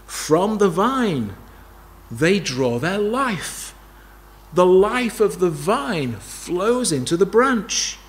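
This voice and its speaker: A man's voice: sits high, big pitch swings, very slow. A man preaching a sermon, emphatic, repeating key phrases and asking rhetorical questions.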